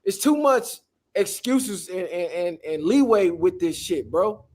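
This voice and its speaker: A man's voice: high voice, expressive, unhurried, darkish tone. A man hosting a casual podcast, telling a story in a heated, emphatic way. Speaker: podcast host.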